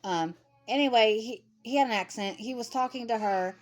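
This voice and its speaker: A woman's voice: fairly high pitch, brisk, soft background music. A woman in her thirties giving a blunt, ranting commentary to camera, repeating herself for emphasis. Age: 30s. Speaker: vlogger. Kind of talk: casual commentary.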